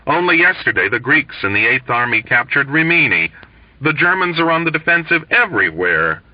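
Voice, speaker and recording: A man's voice: mid-range voice, very animated, brisk, voice pushed up. A man voicing a whining, self-pitying male army doctor in a mournful, petulant tone. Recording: dull lo-fi dry recording.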